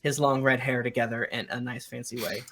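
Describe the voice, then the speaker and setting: A man's voice: mid-range voice, flat delivery, fairly quick, a bit bright. A man narrating as game master of a live-streamed tabletop game, in a rambling way with many fillers.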